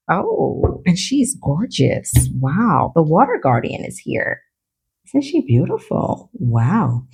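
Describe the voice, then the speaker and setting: A woman with a medium-pitched, breathy voice gives her viewers a casual tarot reading. She's chatty and giddy, calling them y'all, laughing at herself and tripping over her words.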